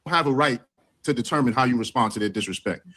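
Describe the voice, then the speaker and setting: A man on a discussion panel, asking measured but pressing questions. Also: mid-range voice, bright, forceful tone.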